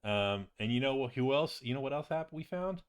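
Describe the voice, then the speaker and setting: A man voicing a chatty, excitable male wizard ally who rambles on in a tabletop game. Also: mid-range voice, a little fast, clean tone, voice pushed up, close to an everyday voice. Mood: excited.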